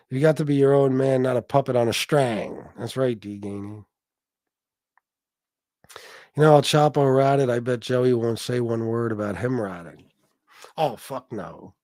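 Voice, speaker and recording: Reading out viewer comments on his casual stream, a male host rants bluntly and swears plenty in an animated way. The recording is dry and studio-clean, and his voice sits at medium pitch.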